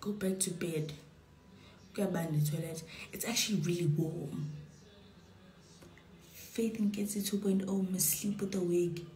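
A tipsy young woman chats to her viewers, giggling and sliding into playful whispers. Her voice sits on the low side, picked up by a phone in an echoey bedroom. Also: steady tone, measured pace, long pauses, mellow. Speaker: social media personality. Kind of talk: casual livestream chat. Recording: echoey room.

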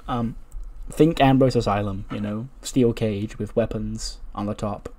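A man's voice: fairly low pitch, fairly even intonation, slow pace, dark tone. A young man hosting casual gaming commentary, rambling and chuckling as he recaps a wrestling booking sim. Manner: rambling, chuckling, self-correcting. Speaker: gaming video host.

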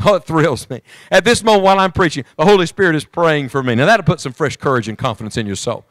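A man's voice: high voice, sing-song, fast, hardly any pauses, a bit bright, no room sound. A middle-aged man preaching a sermon to a congregation, fervent and speaking to them directly. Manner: fervent, rising and falling, addresses the congregation directly. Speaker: evangelist preacher. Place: church.

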